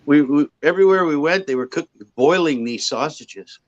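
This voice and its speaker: A man's voice: on the high side, normal speed, dull audio. A man telling joking anecdotes in a casual group chat, often repeating words as he starts. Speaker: chat participant.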